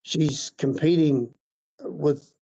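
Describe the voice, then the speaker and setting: A middle-aged man, a racing driver talking haltingly in a casual interview. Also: on the high side, mellow, breathy edge. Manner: halting, many fillers and restarts. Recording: dull lo-fi sound.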